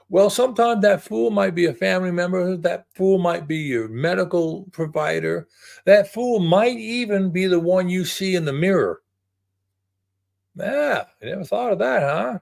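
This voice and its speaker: Gravelly-voiced man in his sixties. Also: high voice, lively intonation, moderate pace, a little mellow. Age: 60s. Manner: rambling, repeats words, reflective. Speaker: vlogger. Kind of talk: casual talk to camera.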